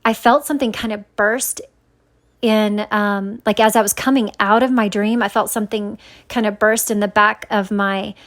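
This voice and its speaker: A woman's voice: mid-range voice, fairly even intonation, moderate pace, a bit bright. A woman telling a personal story in a casual, rambling way, full of fillers and restarts, earnest and searching for words. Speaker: vlogger sharing a dream.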